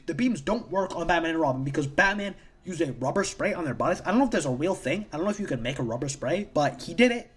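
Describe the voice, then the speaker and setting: Comic reviewer, casual recap, rambling, profane, repetitive, animated pitch. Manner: rambling, profane, repeats themselves.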